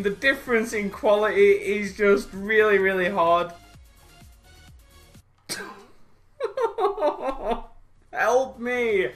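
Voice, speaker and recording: A young man talks through his football game in quick, excitable bursts, cheering goals and grumbling at the controls. His voice sits high and sounds bright and crisp. Faint music plays under his commentary. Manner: excitable, frustrated outbursts at the game. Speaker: gaming youtuber. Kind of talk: live gameplay commentary. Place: home room by a window.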